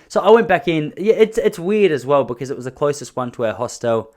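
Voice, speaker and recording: An Australian man in his thirties hosting a podcast, telling comic stories in a rambling way, with sudden jumps in pitch and loudness. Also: big pitch swings, a little fast. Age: 30s. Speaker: podcast host. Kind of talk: comedic storytelling monologue.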